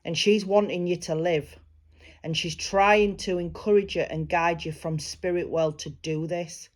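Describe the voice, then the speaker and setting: A woman working as a psychic medium, giving a private reading in a gentle, reassuring way and relaying spirit messages. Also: on the low side, steady tone, measured pace.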